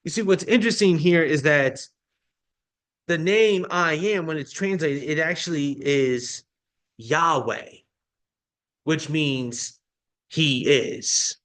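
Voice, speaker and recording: A man's voice: on the high side, takes it slowly, long pauses, fairly bright tone. A male pastor delivering a sermon, explaining a Bible passage in a teaching manner with frequent restarts.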